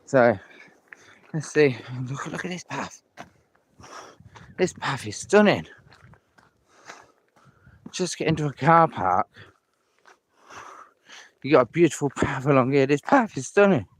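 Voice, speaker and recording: A man's voice: mid-range voice, very animated, slow, long pauses. A man on a live walking vlog, chatty and enthusiastic, out of breath as he climbs a hill path outdoors, filmed on a handheld phone. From England. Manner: chatty, repeats himself, enthusiastic about scenery. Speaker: vlogger.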